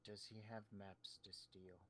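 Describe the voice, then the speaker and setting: A man playing in a tabletop game, making wry, quiet remarks. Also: lowish voice, level tone, measured pace, a little hiss or hum. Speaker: player.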